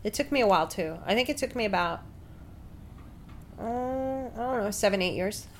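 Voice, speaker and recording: A woman's voice: fairly high pitch, expressive, normal speed, a little hiss or hum. A woman interviewing a friend in casual conversation, reacting and asking questions.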